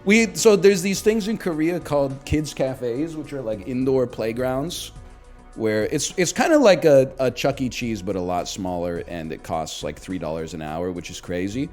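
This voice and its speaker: A man's voice: medium pitch, expressive, normal speed, darkish tone, faint music behind. A man in his thirties telling a rambling, profane, self-deprecating story in casual stream chat. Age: 30s.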